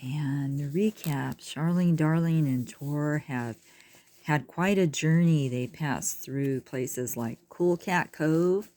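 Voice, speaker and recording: A woman reading a children's book aloud, unhurried, with chatty asides to her listeners. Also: low voice, warm tone. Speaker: reader.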